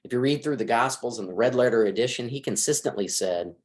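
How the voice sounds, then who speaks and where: A man's voice: medium pitch, quick pace. A middle-aged man, a marriage counselor, giving advice in a conversational interview and acting out bits of dialogue as he talks. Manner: lively, acts out quoted dialogue.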